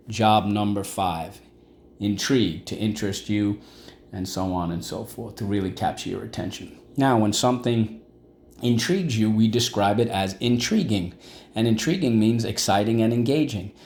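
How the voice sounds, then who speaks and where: A man's voice: on the low side, a little mellow. A man teaching a vocabulary lesson, repeating words syllable by syllable and asking the class questions. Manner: asks class-style questions like "What's the word?".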